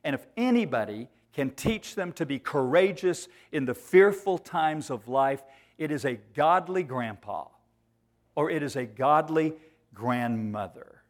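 A man preaching a sermon in church, emphatic, repeating phrases and slowing down on key words. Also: on the high side, lively intonation.

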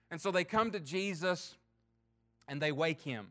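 Male pastor with a high voice, earnest and emphatic sermon delivery. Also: measured pace. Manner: earnest, emphatic preaching with swings in loudness and pace.

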